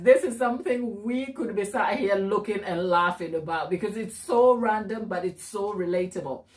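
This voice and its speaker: A woman hosting a baking live stream, chatting warmly and encouragingly with her viewers and laughing often. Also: medium pitch, normal speed. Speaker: cake baking channel host.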